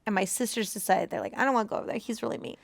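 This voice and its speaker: A woman co-hosting a movie reaction, telling a personal story in casual chat, animated and emotional, acting out the voices of people she quotes. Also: mid-range voice, very fast, creaky, no echo, studio quality.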